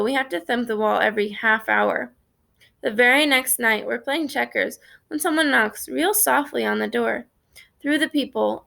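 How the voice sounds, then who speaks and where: A woman reading a storybook aloud in a steady first-person narration. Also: a little high, gravelly. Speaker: reader.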